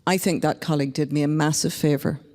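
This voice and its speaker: A woman's voice: low-pitched, steady tone, fast talker, darkish tone, in a large hall. A woman from Northern Ireland speaking candidly and reflectively as a panelist at a public discussion. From Northern Ireland (County Antrim). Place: large hall at a public panel event.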